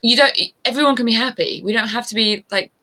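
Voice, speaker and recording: Bright, chatty woman. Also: on the high side, fast, low-quality recording. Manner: chatty, laughs easily, rambling. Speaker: guest, adventure motorbike rider. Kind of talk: casual interview chat.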